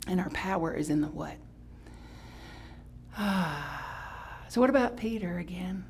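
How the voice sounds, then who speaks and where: Woman pastor delivering a casual, animated Sunday sermon; playful and conversational with a faint hum behind her. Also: a little slow. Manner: animated and playful, with sudden high exclamations; chatty, with restarts and self-correction. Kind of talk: live-streamed Sunday sermon.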